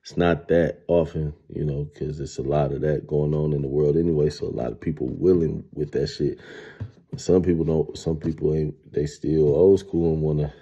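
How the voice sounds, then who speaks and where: A man in his thirties telling a streetwise, profane story in a casual, animated monologue. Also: rumbling low, moderate pace. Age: 30s. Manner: streetwise, profane, animated retelling with acted quotes.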